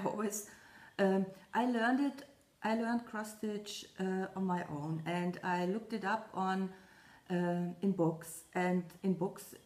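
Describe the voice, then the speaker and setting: Woman chatting slowly on her craft vlog, lots of ums, echoey room. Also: lowish voice, darkish tone. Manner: slow, hesitant, many fillers and restarts. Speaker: Flosstube vlogger. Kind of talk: casual chat to camera.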